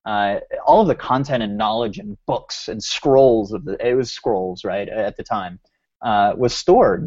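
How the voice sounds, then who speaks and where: A man's voice: medium pitch, darkish tone, dull audio. A man co-hosting a podcast, musing aloud in a rambling way full of restarts and fillers. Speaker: podcast co-host. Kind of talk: casual podcast discussion.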